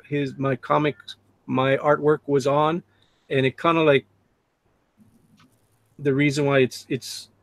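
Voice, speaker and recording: A man's voice: fairly high pitch, no room sound. A middle-aged man hosting a live drawing stream, reading chat aloud and laughing often. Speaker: livestream host. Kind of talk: casual livestream chat.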